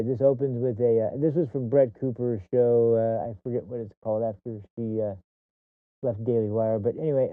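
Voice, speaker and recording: A man's voice: mid-range voice, dry recording. A man hosting a show, talking off the cuff in a rambling monologue full of restarts and fillers, swearing when he gets heated. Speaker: podcast host. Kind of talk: casual commentary monologue. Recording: dry, tinny phone-like sound.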